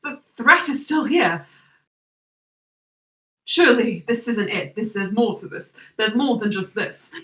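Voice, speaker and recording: A woman's voice: a little high, animated, unhurried, pauses often, pushed and bright, distant mic. A woman voicing a shaken companion who urgently warns that the danger is not over. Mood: anxious. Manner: urgent and uneasy. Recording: echoey room, voice from off-mic.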